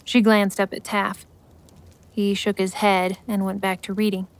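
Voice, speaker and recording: A woman giving scripted story narration in a steady, measured way. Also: medium pitch.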